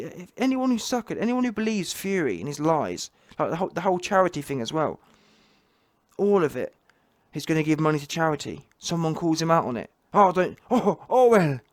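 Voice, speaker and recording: A man delivers a heated, mocking rant full of slang. His voice sits a little high, and the recording is dry and close. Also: no echo. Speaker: online commentator. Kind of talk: ranting reaction commentary.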